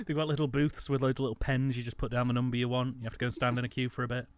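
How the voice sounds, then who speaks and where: A man's voice: medium pitch, little pitch movement, very fast. A man co-hosting a casual film commentary, laughing often and talking with animation. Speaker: commentary co-host.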